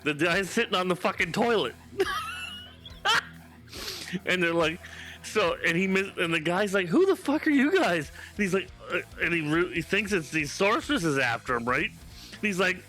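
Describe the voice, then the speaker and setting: Male game streamer, pitched a bit high, crude and animated, with faint music underneath. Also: moderate pace, pauses often. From Canada. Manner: profane, animated storyteller. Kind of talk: casual live-stream chat.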